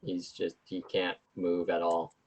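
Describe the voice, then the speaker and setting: A man's voice: sits low, monotone, a little slow, slightly rough. A man running a tabletop game as game master, talking in a hesitant, loose and profane way.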